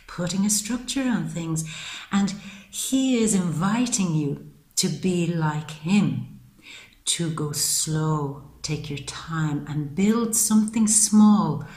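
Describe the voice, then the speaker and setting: A woman with a fairly low voice delivers a monthly tarot reading in a chatty, affectionate way, often calling her listeners "baby." She sometimes acts out the voices of the people she talks about. The sound bounces around an echoey room. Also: darkish tone. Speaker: tarot reader.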